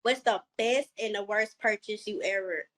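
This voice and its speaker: A woman hosting a casual interview, asking questions and tossing in quick affirmations and asides. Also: medium pitch, a bit bright. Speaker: interview host.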